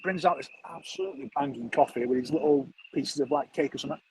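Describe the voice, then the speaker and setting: A man's voice: on the high side, big pitch swings, quick pace, vocal fry, noisy background. A man, telling a rambling, chatty story full of slang as a streamer. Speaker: football streamer. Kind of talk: casual storytelling chat.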